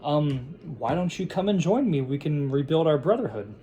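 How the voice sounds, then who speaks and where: A man doing a smooth villainous brother who draws out his words as he tries to lure someone to his side. The voice sits a little above normal and keeps a mellow, dark color. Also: on the high side, animated, moderate pace, muffled recording, slight background noise, pitched above the performer's own voice, close to an everyday voice. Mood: coaxing. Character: villainous male cult leader, smooth and persuasive.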